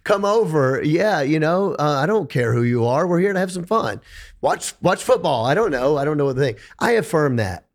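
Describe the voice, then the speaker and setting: Guy on a podcast, pitch a bit on the high side, lively storyteller, keeps repeating himself when he's fired up. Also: moderate pace. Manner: animated storyteller, repeats words when excited. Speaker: podcast guest, rock singer. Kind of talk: conversational interview.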